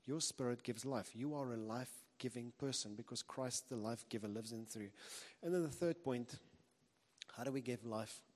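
A man delivers a sermon in an earnest, conversational way, circling back and restarting as he talks. His voice sits at an ordinary pitch and carries a long reverb from a large hall. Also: normal speed, a little mellow. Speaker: preacher.

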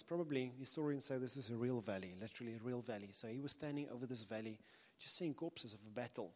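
A man's voice: mid-range voice, darkish tone. Man preaching in an echoey hall. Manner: earnest, conversational preaching with restarts. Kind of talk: sermon.

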